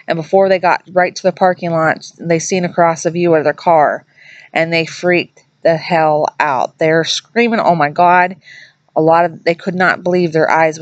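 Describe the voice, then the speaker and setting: A woman's voice: lowish voice, no echo, dull audio. A woman vlogger casually telling a ghost story, chatty and rambling, often correcting herself mid-sentence.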